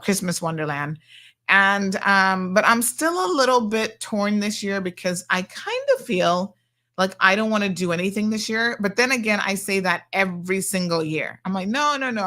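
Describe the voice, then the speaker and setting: Speaking at a medium pitch with a sharp edge, this woman hosts a radio show from the studio. Her manner is chatty and playful as she talks casually with listeners and reads their messages aloud.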